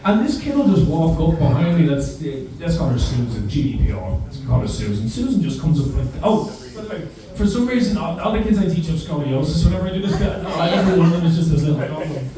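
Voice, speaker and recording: On stage at a comedy club, a young man runs through a wry, self-deprecating routine packed with swearing. He talks fast and very animatedly in a fairly high, warm voice with few pauses, picked up by a distant mic amid roomy sound and crowd laughter.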